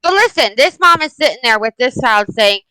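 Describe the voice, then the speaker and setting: Blunt, emphatic mom in her forties; crisp forceful delivery, higher-pitched woman. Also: a little fast, no room sound, rough recording. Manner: blunt, emphatic, animated storytelling. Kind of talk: casual chat.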